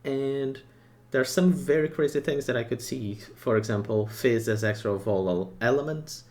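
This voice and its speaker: A man as a gaming content creator, giving casual commentary on a game update in short, excited bursts with his own opinions and asides. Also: medium pitch, moderate pace.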